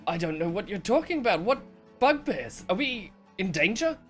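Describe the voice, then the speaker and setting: A man's voice: medium pitch, lively intonation, moderate pace, a bit bright, faint music behind, natural voice. A man voicing a kindly, slightly flustered old male villager in a tabletop game, speaking politely and soothingly. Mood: startled.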